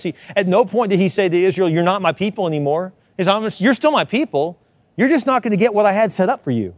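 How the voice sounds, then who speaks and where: A man delivers a sermon in a notably high voice, recorded close and dry with little room sound. He preaches with emphatic repetition and acts out quoted lines. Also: a little mellow, no room sound. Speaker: pastor.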